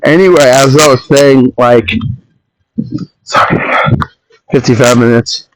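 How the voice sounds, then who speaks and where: A man's voice: medium pitch, steady tone, slow pace, dry recording, low-quality recording. A man recording a solo podcast on his phone, rambling and ranting with strong opinions in a casual monologue.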